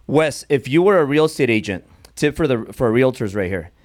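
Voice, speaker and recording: A man's voice: mid-range voice, animated, fairly quick. A man hosting a podcast, asking casual, easygoing questions. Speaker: podcast host. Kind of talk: casual interview.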